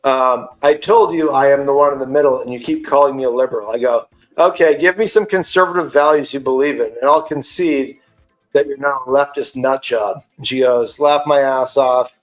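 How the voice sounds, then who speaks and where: A podcast host, a man, retelling an online argument in a casual, animated and profane way. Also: mid-range voice, a little fast, reverberant, soft background music, poor audio. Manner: animated, profane, indignant storytelling.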